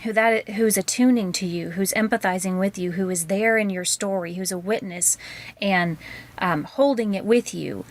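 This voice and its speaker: A woman co-hosting a parenting podcast, chatting casually and earnestly and slowing down to stress her points. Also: medium pitch. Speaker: podcast co-host, counselor. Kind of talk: casual chat.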